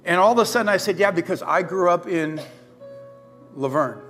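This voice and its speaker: A middle-aged man preaching a sermon as pastor, telling a personal story in a lively way and acting out the people he quotes. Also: high voice, moderate pace. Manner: animated storyteller, acts out quoted voices. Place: church sanctuary. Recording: faint guitar music behind.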